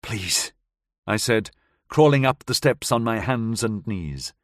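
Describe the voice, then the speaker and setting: A man reads a suspenseful audiobook in the first person, measured and dramatic, his pitch rising and falling expressively. He sits close to the mic in a dry, deadened booth. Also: expressive, no room sound. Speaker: audiobook narrator. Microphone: close studio mic.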